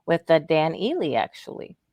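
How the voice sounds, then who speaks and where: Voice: medium pitch, huge pitch swings, moderate pace, darkish tone, no echo. A talk-radio co-host offering short, agreeable back-and-forth replies in casual chat. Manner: agreeable, brief backing replies.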